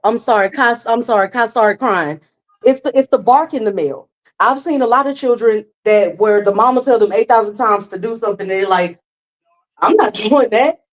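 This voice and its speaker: Animated woman guest in a video-call chat. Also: fairly high pitch, a little fast, dull audio. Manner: animated storyteller who acts out kids' voices.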